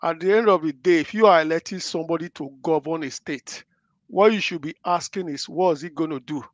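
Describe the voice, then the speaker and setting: A man lays out his political view with assurance, lecturing the listeners. His voice is somewhat high and recorded dry. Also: a little fast, dry recording. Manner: assertive, lecturing. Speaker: guest commentator. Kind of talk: political commentary.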